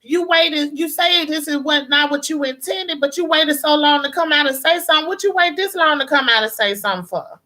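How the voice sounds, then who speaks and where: A woman's voice: high-pitched, brisk, hardly any pauses, pushed and bright. A woman hosting a live-stream call-in show, talking in a blunt, sassy, casual way. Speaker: host.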